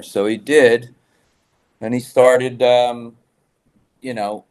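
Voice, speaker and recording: A man's voice: mid-range voice, little pitch movement, very slow, pauses often, darkish tone. A man guest telling rambling rock-scene stories in a casual interview, swearing freely. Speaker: guest musician.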